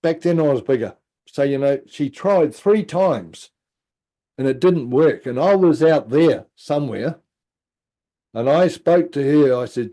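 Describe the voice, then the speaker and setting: A middle-aged man, a podcast guest telling a personal story in a casual, animated way, acting out quotes and dropping into low asides. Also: unhurried.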